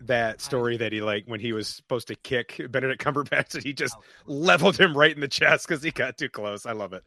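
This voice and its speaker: A man's voice: mid-range voice, fairly quick, gravelly, bright, forceful tone, no room sound. A man co-hosting a casual movie commentary podcast, joking and laughing often. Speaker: podcast co-host.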